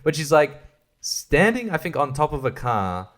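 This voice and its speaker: A man's voice: fairly high pitch, sing-song, normal speed, fairly bright tone. Tired, rambling, foul-mouthed man. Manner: rambling, crude and profane, laughing at his own jokes. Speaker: podcast host. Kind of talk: casual solo podcast chat.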